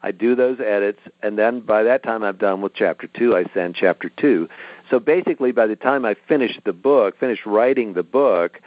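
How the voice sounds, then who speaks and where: A middle-aged man with a lowish voice talks through his writing process in an easy, explanatory manner. He comes through a tinny phone line, and the sound is dry and close with no room echo. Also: normal speed. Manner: relaxed, explanatory storytelling. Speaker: author guest. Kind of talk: interview over a phone line.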